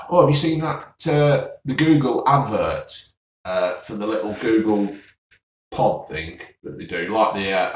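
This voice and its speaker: Sarcastic man, mid-pitched, a grumbler with a sigh, recorded off-mic in an echoey room. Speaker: vlogger reviewing TV listings. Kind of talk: casual solo rant. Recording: roomy, mic at a distance.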